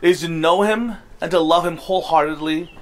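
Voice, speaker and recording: A man in his thirties delivers a sermon from the pulpit. His voice sits high and light for a man. He speaks earnestly and rises into impassioned appeals to his congregation. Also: a little fast. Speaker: pastor.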